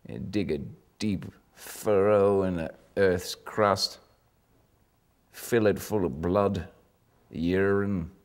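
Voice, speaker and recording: A man's voice: low voice, fairly even intonation, slow pace, a little mellow. A man playing a pompous old British sergeant. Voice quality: pompous, rambling, bluffing. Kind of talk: improvised mock interview.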